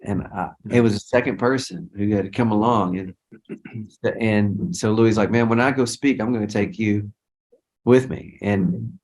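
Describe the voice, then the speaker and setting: Low-voiced man telling a story. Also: normal speed, darkish tone. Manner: rambling, with frequent restarts and quoted dialogue. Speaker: guest songwriter and worship leader. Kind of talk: storytelling in a casual interview.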